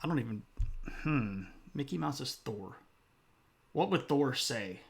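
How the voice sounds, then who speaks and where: Playful, unhurried male streamer. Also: mid-range voice, animated, vocal fry. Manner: playful and self-mocking. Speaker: live streamer. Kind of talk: casual chat reading viewer comments.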